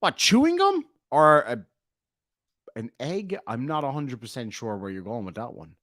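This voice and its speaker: A man's voice: medium pitch, normal speed, no echo, studio quality. A man in his forties, from Ireland, casually chatting on a livestream, reading out chat and joking with plenty of swearing. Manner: animated, swearing, joking asides. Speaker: streamer reading live chat.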